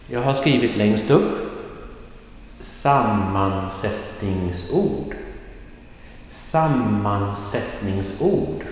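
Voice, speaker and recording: A man with a lowish voice gives a patient language lesson at a whiteboard, drawing out example words at an unhurried pace. The recording is roomy, with a long reverb tail and a faint hiss underneath. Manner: slow, patient explaining with stretched example words. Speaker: Swedish language teacher. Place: classroom with whiteboard.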